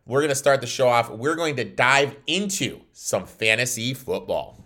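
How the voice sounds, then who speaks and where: A man's voice: medium pitch, animated, normal speed, few pauses, sharp tone. A man hosting a sports betting podcast, talking casually and bluntly, venting and swearing between picks. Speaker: podcast host.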